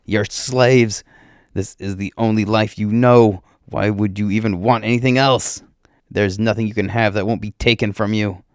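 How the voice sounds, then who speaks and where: A man's voice: on the low side, fairly even intonation, normal speed, dry recording, clean studio sound, close to an everyday voice. A man voicing a cold, scheming male slave master who speaks in a commanding way. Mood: scornful.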